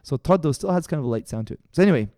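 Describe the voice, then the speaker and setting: Talking very fast in a slightly high voice, this Canadian podcast co-host is animated, laughs a lot, and acts out the voices of people in his stories during a casual chat. The studio sound is clean, with no echo.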